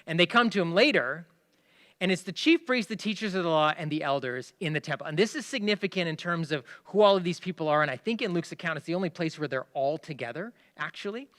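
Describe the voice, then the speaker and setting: A male pastor preaching a sermon, with emphatic stresses that drop into hushed asides. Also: on the high side, expressive, quick pace. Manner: explains by asking listeners to pay attention.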